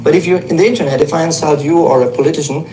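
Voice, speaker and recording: Low-voiced woman, roomy sound. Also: very fast, dark tone, slight background noise. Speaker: interviewee. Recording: roomy echoey interview.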